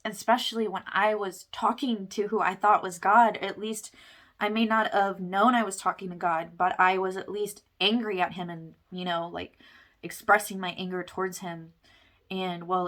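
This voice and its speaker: Speaking in a mid-range, somewhat bright voice, a young wellness vlogger earnestly describes her spiritual awakening in a monologue. She rambles, filling gaps with "like" and "you know."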